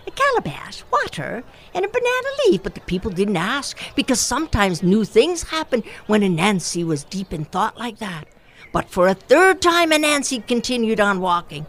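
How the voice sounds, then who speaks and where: A woman telling a folktale aloud, expressive and rhythmic, with repeated phrases. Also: medium pitch, moderate pace. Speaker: storyteller. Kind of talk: oral folktale storytelling.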